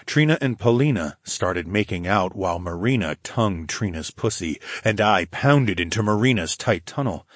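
Husky low-voiced male audiobook narrator. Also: normal speed, hardly any pauses, dry recording, studio quality. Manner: steady, low growling delivery. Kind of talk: first-person fantasy audiobook narration.

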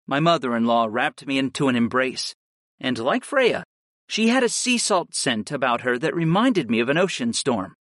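A man reading a first-person story aloud in an expressive audiobook style. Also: mid-range voice, moderate pace, dry recording, studio quality. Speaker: narrator.

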